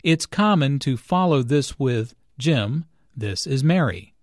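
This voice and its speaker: Male teacher narrator, slow deliberate explanations, dry close-miked voice. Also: medium pitch, expressive, no echo. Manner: slow, measured, explanatory delivery. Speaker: English teacher. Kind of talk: scripted language-lesson narration.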